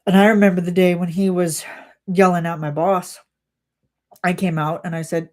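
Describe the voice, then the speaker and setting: A woman's voice: lowish voice, flat delivery, moderate pace, a little mellow. A young woman on a livestream chat, animatedly retelling an exasperating workplace story and acting out what people said. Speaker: streamer.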